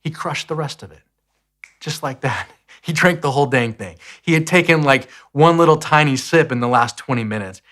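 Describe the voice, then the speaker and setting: A man's voice: a little high, moderate pace, fairly bright tone. A man in his thirties hosting a podcast, giving an earnest, reflective teaching talk that tells stories and repeats key phrases.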